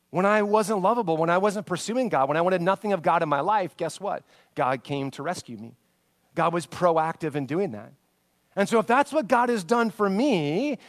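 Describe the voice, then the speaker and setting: A male preacher delivers a sermon in a fairly high voice. He tells stories with lively swings between loud, emphatic lines and hushed, quiet passages, sometimes tripping over names. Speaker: pastor.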